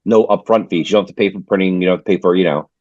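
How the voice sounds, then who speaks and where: A man with a low, husky voice co-hosts a comics podcast in easy conversation, often restarting his sentences. His voice comes through a dull, lo-fi mic with a dry sound. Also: very fast, darkish tone, no room sound. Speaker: podcast co-host. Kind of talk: casual chat.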